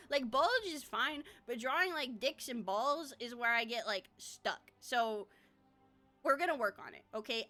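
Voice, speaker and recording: A woman's voice: a little high, sharp tone. A woman streamer chatting casually about her own characters, rambling with lots of fillers and frequent laughter.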